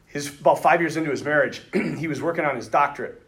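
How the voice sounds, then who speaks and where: Laughing priest telling stories to men. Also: male voice, on the high side, fast. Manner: laughing, animated storytelling with quoted dialogue. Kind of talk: storytelling talk to a men's retreat.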